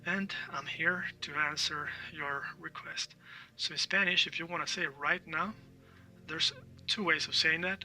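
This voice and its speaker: A man's voice: on the high side, pushed and bright, distant mic. A man teaching a language lesson, explaining patiently, repeating words for drills and often checking in with "all right?".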